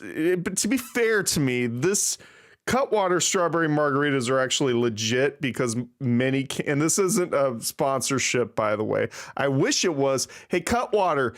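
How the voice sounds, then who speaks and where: A man hosting a casual livestream, rambling and self-deprecating with plenty of swearing. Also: fairly high pitch. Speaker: livestream host. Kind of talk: casual live-stream chat.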